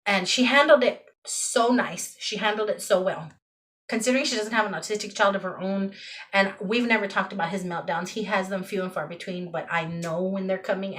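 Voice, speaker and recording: A middle-aged woman talks straight to her camera in a personal vlog, exasperated and venting. She leans on repeated words to drive her points home. Her voice sits at an ordinary middle pitch. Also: a bit bright. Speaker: vlogger and mother. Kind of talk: emotional personal vlog rant.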